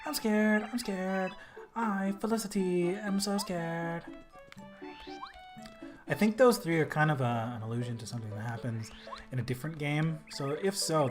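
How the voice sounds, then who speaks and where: A man giving casual gameplay commentary in a let's play, with offhand, dry asides. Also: mid-range voice. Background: game music.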